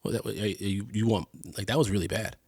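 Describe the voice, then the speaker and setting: A man's voice: lowish voice, fairly even intonation, fast talker, a little mellow, husky, no room sound, clean studio sound. A man co-hosting a podcast in casual chat, sick, playful and teasing with frequent laughs. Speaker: podcast co-host. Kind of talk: casual chat rewatching a sitcom.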